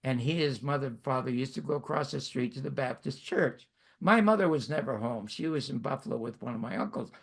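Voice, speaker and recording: Gravelly, husky man in his nineties. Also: mid-range voice, a little fast. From Canada. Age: 90s. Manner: wry, self-mocking storytelling. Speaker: host. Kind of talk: storytelling monologue.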